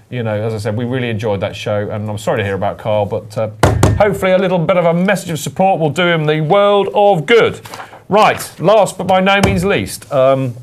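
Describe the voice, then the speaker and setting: Podcast host: man, a bit high-pitched, chatty and playful, wanders off topic. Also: slight background noise. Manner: jokey, rambling and chatty. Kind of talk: casual chat.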